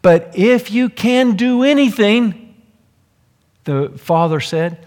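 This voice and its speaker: A man preaching a sermon, telling the story dramatically and swinging between loud and soft, in a church hall. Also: sits high, animated, slow pace, pauses often. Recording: long hall reverb.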